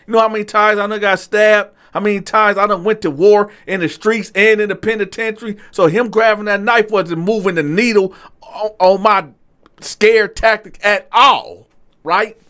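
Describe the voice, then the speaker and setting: A man casually telling his own story to viewers in slangy talk, swinging from low asides to loud outbursts. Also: fairly even intonation, normal speed.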